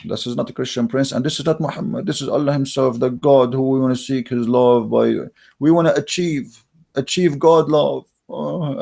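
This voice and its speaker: A man's voice: on the low side, creaky, mellow. A man giving a heated, scornful monologue as an online religious debater, mocking and emphatic, with frequent fillers and restarts. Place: recorded while in Germany.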